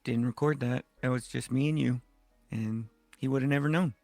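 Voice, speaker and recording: A man co-hosting a podcast in casual chat, teasing with deadpan jokes. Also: medium pitch, moderate pace, gravelly, dry recording, faint music behind. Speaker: podcast co-host.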